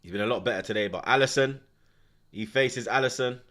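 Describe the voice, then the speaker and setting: A man's voice: mid-range voice, brisk. Ranting man reacting to football. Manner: animated, ranting, London slang. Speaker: football watchalong host. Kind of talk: live match reaction commentary.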